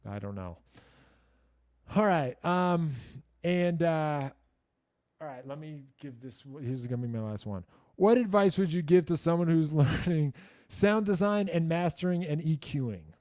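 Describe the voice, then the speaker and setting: A man hosts a casual livestream Q&A, answering viewers in a rambling, self-deprecating way packed with "like" and "you know" plus blunt, profane asides. His voice is fairly high, expressive, unhurried, and a little mellow, recorded dry with clean studio sound.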